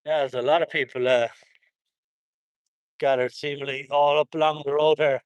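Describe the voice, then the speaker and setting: A man's voice: a little high, little pitch movement, moderate pace, smooth, dry recording, muffled recording. An Irish man chatting casually on a livestream from an outdoor protest, reading out viewer comments, rambling and chuckling often.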